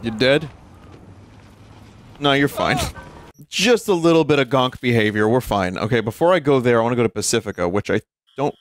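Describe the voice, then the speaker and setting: Dude streaming a game, joking around with chat, swears a lot, middle pitch. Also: male voice, moderate pace, faint music behind. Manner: joking, profane, talks to chat. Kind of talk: casual gameplay commentary.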